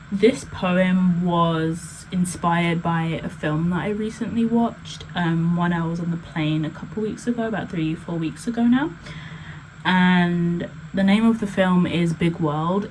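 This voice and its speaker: A woman's voice: on the low side, a little mellow, slight background noise, rough recording. A woman blogger and poet talking casually on a vlog, chatty and full of "like" and "um" fillers. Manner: chatty, heavy use of "like" and "um" fillers.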